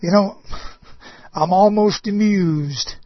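A man preaching a sermon, impassioned, swinging between loud outbursts and soft low asides. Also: slow, no room sound, muffled recording.

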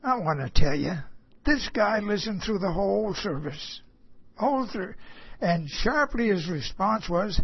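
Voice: mid-range voice, lively intonation, unhurried, breathy edge, highs cut off. A preacher delivering a sermon as a personal story, speaking emphatically and repeating phrases for stress.

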